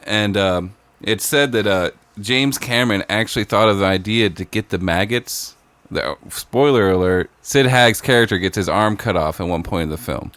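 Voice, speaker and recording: A man co-hosting a podcast, chatting easily and trading quick reactions. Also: lowish voice, a bit bright, no echo. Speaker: podcast co-host. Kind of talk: casual chat.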